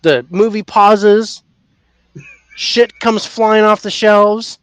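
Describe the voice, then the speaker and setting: A man co-hosting a casual paranormal podcast, telling a story with lively acted-out reactions. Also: high voice, very slow, smooth, no echo. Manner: animated storyteller, acts out his own reactions loudly. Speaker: podcast co-host.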